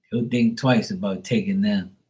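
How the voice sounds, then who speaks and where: A man, rambling bluntly and profanely in a casual live-stream talk. He restarts his sentences often and acts out quick quotes from kids and fathers. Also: on the low side, low-quality recording. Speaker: tarot reader on a livestream.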